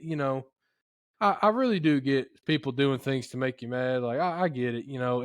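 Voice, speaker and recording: A man hosting a podcast, telling a story in a rambling, folksy, animated way. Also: fairly high pitch, no echo, studio quality. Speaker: podcast host. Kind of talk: casual storytelling chat.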